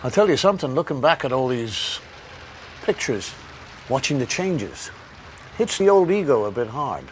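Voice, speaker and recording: A man's voice: medium pitch, very animated, normal speed, a little hiss or hum. A man talking to camera in a wry, self-mocking way. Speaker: comedian. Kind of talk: reflective talk to camera.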